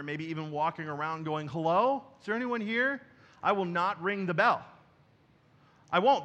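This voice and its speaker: Bright-voiced man preaching a sermon. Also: a little high. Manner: swings from quiet to loud emphatic preaching. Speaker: pastor. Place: church stage.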